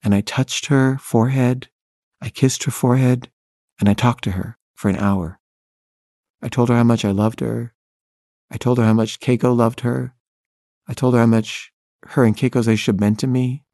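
A filmmaker telling a personal story in first person, wry and candid, laughing at himself. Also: male voice, mid-range voice, steady tone, normal speed, pauses often, mellow, no room sound, studio quality.

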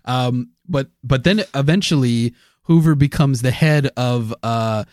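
A man co-hosting a casual podcast, explaining history with many halting fillers and frequent laughs. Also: medium pitch, darkish tone, clear, resonant tone, no room sound, clean studio sound. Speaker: podcast co-host presenting the history research.

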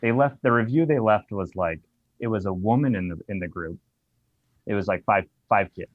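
Low-voiced bar owner telling profane stories. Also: male voice, moderate pace, dry recording, narrow, tinny audio. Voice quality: profane, animated anecdote telling. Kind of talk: casual storytelling.

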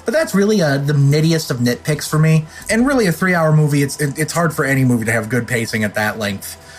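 A man co-hosting a podcast, relaxed and jokey, with playful swearing. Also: a little high, fast. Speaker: podcast co-host. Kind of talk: casual podcast chat.

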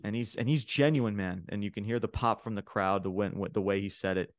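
A man's voice: lowish voice, brisk, no echo, studio quality. A man hosting a wrestling podcast, recapping a show in a casual, rambling way with lots of fillers and restarts.

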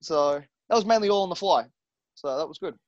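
A man who wrestles for a living recounts his matches in a relaxed interview, cursing easily and playing out the quoted dialogue. His voice sits a little high. The sound is dry and dull, with a lo-fi edge. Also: brisk, no echo. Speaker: professional wrestler guest. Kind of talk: casual interview storytelling. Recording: dull lo-fi recording.

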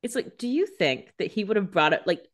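A woman co-hosting a casual podcast, joining in with dry, sarcastic asides about the episode being discussed. Her delivery is wry and conversational, with a mid-range pitch. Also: animated, a little fast. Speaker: podcast co-host. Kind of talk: casual chat.

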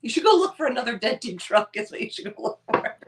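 A woman co-hosting a podcast in casual chat, self-deprecating and quick with dry quips. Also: fairly high pitch, very animated, recorded from a distance. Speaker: podcast co-host.

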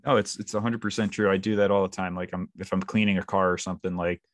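An easygoing man of about thirty chats casually and goes along agreeably with what is said. His voice sits fairly low, and the sound is dry and close. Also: level tone, quick pace, no room sound. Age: 30s. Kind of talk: casual chat.

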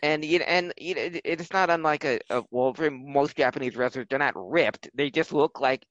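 A man co-hosting a wrestling podcast, telling history in a relaxed way with many fillers and restarts. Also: a little high, moderate pace, no echo, highs cut off. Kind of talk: casual chat.

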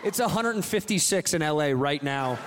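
A man in his late thirties rants on a comedy stage, his high voice swinging wildly in pitch as he works himself into mock outrage. He swears freely and sounds exasperated, and a steady wash of room noise sits under him. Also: brisk. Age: late 30s. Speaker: stand-up comedian. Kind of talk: stand-up rant. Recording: noisy live room ambience.

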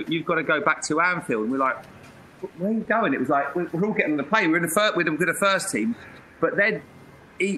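Bright-voiced laughing storyteller, man. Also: fairly high pitch, slight background noise. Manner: laughs through his stories. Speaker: former footballer guest. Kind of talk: anecdotal interview storytelling.

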